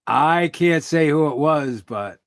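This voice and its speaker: A man's voice: fairly high pitch, lively intonation, takes it slowly, a bit bright, no room sound, clean studio sound. Rambling middle-aged man on a livestream. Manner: rambling storytelling with quoted dialogue. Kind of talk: casual livestream chat.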